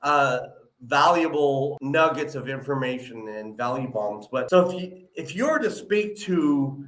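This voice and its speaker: A man's voice: medium pitch, lively intonation, unhurried, a bit bright. A male show host with a slight lisp, giving encouraging advice in a live interview and often adding "you know" and "right?". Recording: echoey room.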